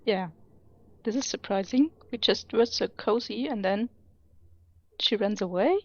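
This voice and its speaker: A woman playing in a tabletop role-playing game, halting and thinking aloud as she describes her moves. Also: medium pitch, muffled recording. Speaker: player.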